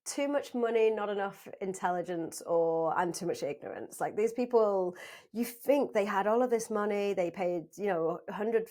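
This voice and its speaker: A woman in her thirties from South Africa, a podcast guest telling travel stories in a lively way, laughing often and acting out what people said. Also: medium pitch, normal speed. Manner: lively storyteller, laughs often, acts out quotes. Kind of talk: casual interview chat.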